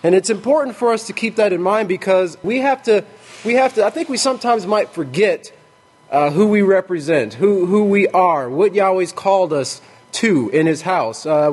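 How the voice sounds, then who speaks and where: Brief: male preacher, pitched a little high, halting with "uh" restarts. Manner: warm greeting, many "uh" restarts. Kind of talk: sermon.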